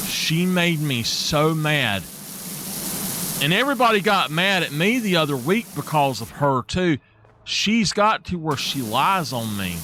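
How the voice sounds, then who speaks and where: A man's voice: a little high, noisy background. A man, chatting while live-streaming a game and venting in an exasperated way.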